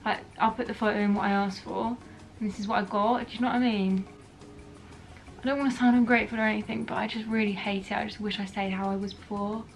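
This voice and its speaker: A woman's voice: medium pitch, fairly even intonation, fast talker, creaky, faint music behind. A young woman, chatting frankly to camera in a casual vlog. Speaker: beauty vlogger.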